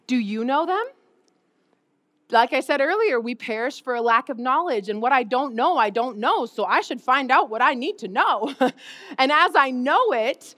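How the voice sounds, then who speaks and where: A woman pastor preaching a conversational sermon, animated and often laughing as she acts out everyday moments. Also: sits high. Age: adult parent.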